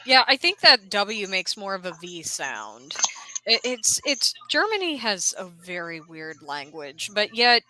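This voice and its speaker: A woman hosting a livestream from home, chatting casually and thinking out loud as she rambles. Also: medium pitch, big pitch swings, a little slow, dry recording, low-quality recording. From United States. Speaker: livestream host. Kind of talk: casual chat. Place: home, in a room.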